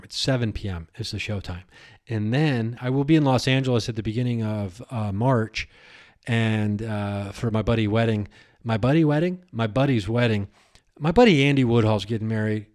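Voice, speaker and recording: Speaking at normal speed with a fairly low pitch, a man runs his own comedy podcast. His solo talk is excitable and wandering, constantly restarting and spinning off into riffs.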